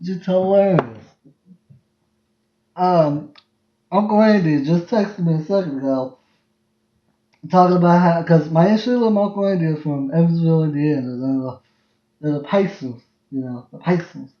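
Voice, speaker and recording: A man's voice: on the high side, normal speed, pauses often. A man, hosting a podcast on a livestream and telling family stories in a rambling, laughing way that repeats itself. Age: 20s. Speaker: podcast host. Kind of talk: casual storytelling on a livestream. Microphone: phone livestream. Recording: roomy, dull lo-fi livestream sound.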